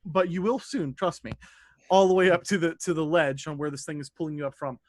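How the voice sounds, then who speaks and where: A man running a streamed tabletop game as dungeon master, animated, laughing and swearing freely. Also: fairly high pitch, brisk, dry recording, studio quality.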